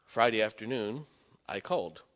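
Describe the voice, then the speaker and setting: Middle-aged pastor, bright, forceful delivery, folksy storyteller, hall reverb. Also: male voice, fairly low pitch, expressive, moderate pace. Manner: folksy storytelling preacher, swings between loud emphasis and quiet asides. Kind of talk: sermon. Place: church sanctuary. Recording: long hall reverb in a church.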